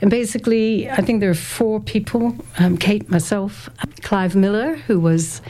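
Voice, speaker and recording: A woman's voice: mid-range voice, measured pace, dark tone. A woman in her sixties, a guest in an interview, reminiscing in a thoughtful, hesitant way and laughing easily. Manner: thoughtful and hesitant, reads quotes aloud, laughs often. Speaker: interview guest, former community radio volunteer.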